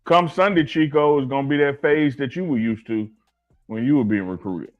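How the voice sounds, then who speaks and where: A man's voice: medium pitch, normal speed, dull audio, faint music behind. A man from Alabama co-hosting a casual sports talk show, joking and teasing his partner. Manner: playful, teasing, sing-song shouts. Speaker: co-host.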